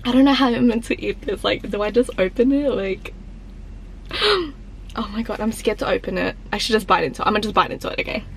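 A woman's voice: mid-range voice, animated, fast talker, creaky, a little hiss or hum. Giggly woman vlogging from her car. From Australia. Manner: giggly, chatty, easily flustered. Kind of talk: casual vlog. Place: inside a car. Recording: background music under the voice.

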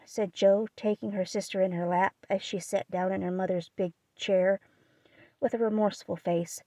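A woman narrating a classic novel as an audiobook, with a steady, expressive reading. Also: mid-range voice, normal speed, no echo, dull audio. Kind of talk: scripted narration.

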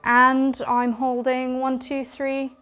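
Higher-voiced woman giving wry game replies. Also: monotone, takes it slowly, a bit bright, clean tone. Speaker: tabletop game opponent. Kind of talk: casual game chat.

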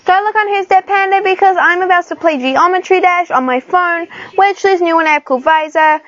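A woman's voice: very high voice, a little fast, a bit bright, dry recording, highs cut off. A woman, chatting and giggling casually as she talks through a computer game for her channel. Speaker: gaming channel host. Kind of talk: casual screen-recorded gameplay commentary.

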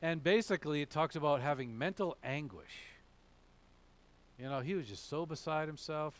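A man's voice: a little high, animated, moderate pace. A male pastor preaching a sermon, repeating key phrases and chuckling as he goes.

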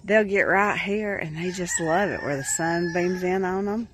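A woman's voice: lowish voice, normal speed. A woman filming her farm animals outdoors on a phone, talking to them in affectionate baby talk and chatting to viewers. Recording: faint outdoor background noise. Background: chickens clucking and roosters.

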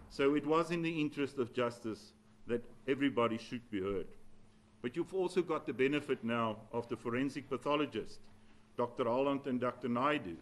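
A man's voice: mid-range voice, rough recording. Guy, lawyer talking to the judge in court, careful and polite, bit of um and uh. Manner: measured, deferential, keeps saying "my lord", some hesitations. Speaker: advocate addressing a judge. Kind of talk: formal courtroom argument.

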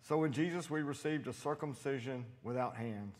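A man preaching a sermon in a church, animated and storytelling, acting out voices as he quotes people. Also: medium pitch, moderate pace. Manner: animated, acts out quotes with loud shouted voices.

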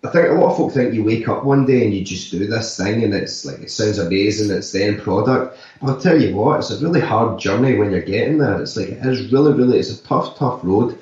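An actor and musician talking loosely in an interview, full of "like" and "sort of" fillers. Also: male voice, fairly low pitch, animated, fairly quick, hardly any pauses, a little mellow. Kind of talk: casual interview talk. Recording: echoey, distant, slightly dull remote audio.

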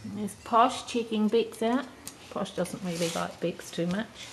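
Slow-talking woman. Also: mid-range voice, vocal fry. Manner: chatty, relaxed, laughs softly between remarks. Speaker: home video narrator. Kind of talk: casual home tour narration. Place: inside a family house. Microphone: handheld camcorder mic. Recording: noisy home camcorder audio.

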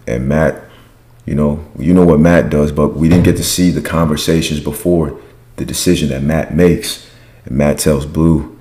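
Low-voiced male podcast host, casual slangy recap, acts out quotes. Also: darkish tone. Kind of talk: casual reality-show recap.

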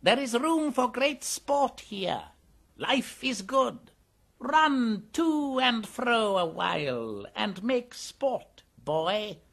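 A man voicing an ancient, evil male white cobra in an audiobook, slow and lisping with a menacing, gloating manner. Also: extremely high pitch, sing-song, vocal fry, fairly bright tone, pitched above the performer's own voice, exaggerated voice. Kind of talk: audiobook character voice.

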